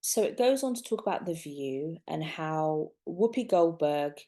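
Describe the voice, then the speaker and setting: A young woman talks straight to camera in an animated, exasperated rant. Her voice sits on the low side, with a mellow, soft tone. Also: unhurried. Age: young adult. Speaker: vlogger. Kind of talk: casual opinion commentary.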